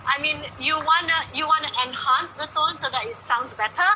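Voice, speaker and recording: A woman's voice: high voice, moderate pace, sharp tone, slight background noise, low-quality recording. A woman, a vocal coach talking casually and emphatically in mixed Malay and English, asking rhetorical questions.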